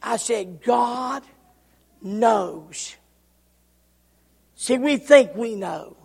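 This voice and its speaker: A high-pitched male preacher with a gravelly, husky edge, delivering a sermon at an unhurried pace. He builds through repeated, cadenced lines and swings between shouting and near-whispers. His voice carries a long reverb, as if filling a large hall. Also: lively intonation.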